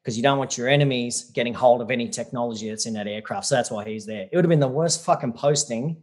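A man tells his adventure stories as a guest on an interview show. His manner is blunt and easygoing, full of swearing and mate, at a middling pitch. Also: quick pace, a little mellow. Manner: blunt, swears freely, says mate a lot. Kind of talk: casual interview storytelling.

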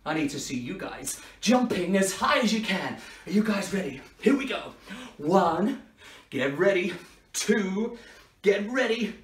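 An energetic young superhero, put on by a man, calling out countdowns and cheers to a crowd of children. His voice leaps around with lively swings in pitch. It is picked up from a distance in an echoey room. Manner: bouncy, shouty, cheering kids on. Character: upbeat young male superhero Spider-Man. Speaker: children's party entertainer. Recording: roomy, from a distance.

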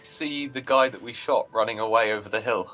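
A man playing in a tabletop game, eager and quick to react. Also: fairly low pitch, bright, forceful tone, faint music behind. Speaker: player. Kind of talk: casual chat in a tabletop game.

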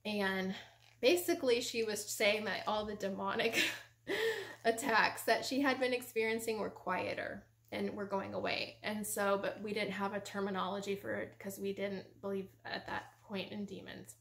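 A woman's voice: mid-range voice, normal speed, creaky, fairly bright tone. A woman sharing her personal faith testimony in a casual, chatty way, peppering her speech with "like" and "you know". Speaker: Christian ministry host giving her testimony. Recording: roomy echo.

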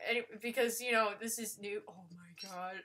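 A woman giving live gameplay commentary, excitable and gushing, with frequent exclamations and casual swearing. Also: medium pitch, a little fast, a little hiss or hum. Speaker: let's player.

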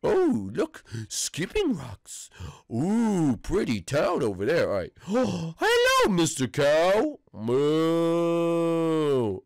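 An excitable man talks his own character through a playful game role-play, gasping and reacting in a cartoonish way. His pitch is a little high and swings all over, and the sound is close and dry. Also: slow pace, no echo. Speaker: gaming video creator.

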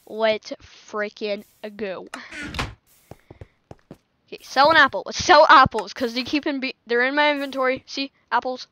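High-voiced girl talking to herself while playing, slow and chill, bit of music in the back. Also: pushed and bright, a little hiss or hum. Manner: chatty, talks to herself, laughs often. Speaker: gaming channel host. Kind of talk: casual gameplay commentary.

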